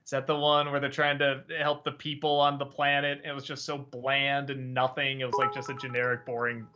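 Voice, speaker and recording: Bright-voiced man rambling on a lo-fi stream. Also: medium pitch, completely flat delivery, a little fast. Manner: rambling, hesitant, filler-heavy. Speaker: host. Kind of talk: casual livestream Q&A chat.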